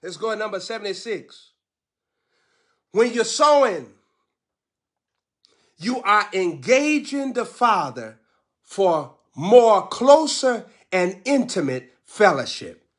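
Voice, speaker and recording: Male preacher, slightly high voice, rhythmic repeating lists, shouts and hushed asides. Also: very animated. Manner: swings from shouted declarations to low, quick asides; repeats phrases, lists words in cadence. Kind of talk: sermon.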